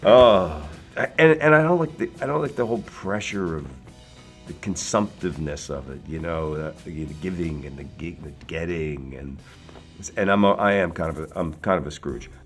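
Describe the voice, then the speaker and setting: A man's voice: extremely low pitch, lively intonation, normal speed, fairly bright tone, soft background music. A man in his sixties from Philadelphia, an actor telling casual, rambling anecdotes with many fillers and laughs. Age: 60s. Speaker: actor guest.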